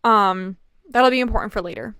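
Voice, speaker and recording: A young woman chatting casually as she tells a personal story, with lots of fillers and an animated delivery. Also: medium pitch, a little fast, clear, resonant tone, no echo, clean studio sound. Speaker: vlogger.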